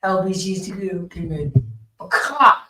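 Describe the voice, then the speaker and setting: A man's voice: high-pitched, unhurried, a little hiss or hum. A man explaining Hebrew words in a loose, repetitive, slangy way during a Sabbath class. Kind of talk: casual Bible class explanation. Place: meeting hall. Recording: roomy echo, speaker far from mic.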